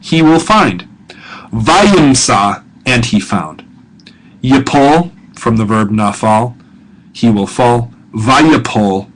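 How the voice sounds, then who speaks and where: A man giving a recorded grammar lecture as a professor, patient and chatty, slowing down to sound out foreign words carefully. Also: mid-range voice, fairly bright tone, slight background noise, rough recording.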